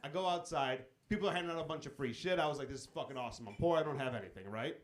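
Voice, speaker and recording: A young man doing a live stand-up set, telling a profane story and acting out quick quotes. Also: a little high. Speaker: stand-up comedian. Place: comedy club stage.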